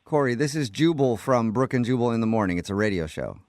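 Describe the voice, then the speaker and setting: A man's voice: medium pitch, quick pace, no room sound, studio quality. A man co-hosting a morning radio show, joking and teasing in playful banter. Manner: playful, teasing, deadpan jokes. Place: radio studio.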